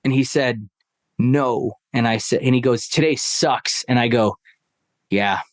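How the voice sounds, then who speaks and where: A man's voice: medium pitch, a little slow, no room sound. Man, casual storyteller, rambling, lots of fillers, dry close mic. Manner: rambling, heavy on fillers like "like" and "right?". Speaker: podcast guest; stepfather.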